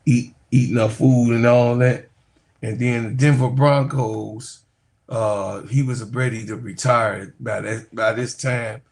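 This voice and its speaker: Slow, gravelly-voiced man telling stories. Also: mid-range voice, fairly even intonation, darkish tone. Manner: rambling, laughs often, addresses viewers as y'all. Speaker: sports YouTuber talking to viewers. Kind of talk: casual livestream storytelling.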